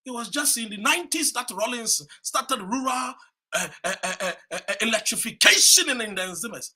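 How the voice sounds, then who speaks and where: A man from Ghana delivers a fiery political speech with a high, bright, husky voice. His pitch swings widely as he preaches, repeating phrases and rising to shouts. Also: animated, brisk. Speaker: political commentator. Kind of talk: impassioned political speech to camera.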